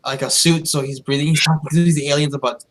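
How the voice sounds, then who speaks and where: A man's voice: fairly high pitch, steady tone, quick pace, a bit bright, a little hiss or hum, poor audio. A man co-hosting a podcast, casually retelling movie scenes with many fillers. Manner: rambling, filler-heavy retelling. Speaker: podcast co-host.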